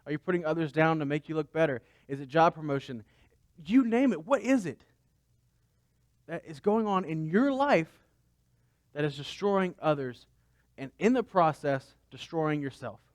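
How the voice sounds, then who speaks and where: A man's voice: a little high, normal speed, dry recording, studio quality. A man pastor preaching a conversational sermon, asking his listeners rhetorical questions.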